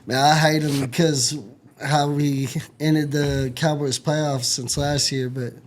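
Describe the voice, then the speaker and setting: A man's voice: a little high, flat delivery, takes it slowly. Fired-up Texan guy ranting about football. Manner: heated, rambling fan talk with slang. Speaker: sports podcast co-host. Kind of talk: casual sports chat.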